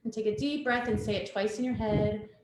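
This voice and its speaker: Calm woman teaching yoga on a webcam. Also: medium pitch, brisk. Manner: gentle, calm instructions with soft laughs. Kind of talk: guided family yoga class. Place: at home, with a dog nearby. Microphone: webcam on a video call. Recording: roomy home room with faint background noise.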